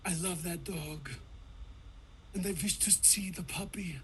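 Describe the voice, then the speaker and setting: A man acts out a gloomy, philosophical policeman in a comedic table read. He delivers a slow, grave, deadpan monologue in a high voice. A faint hum runs underneath.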